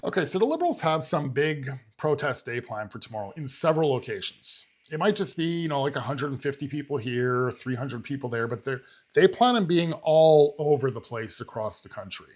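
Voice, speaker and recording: A man hosts a commentary video in a casual, dismissive tone. He uses plenty of loose filler words. His voice sits at an ordinary middle pitch. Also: lively intonation, a little fast, hardly any pauses. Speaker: commentary channel host. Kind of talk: political commentary.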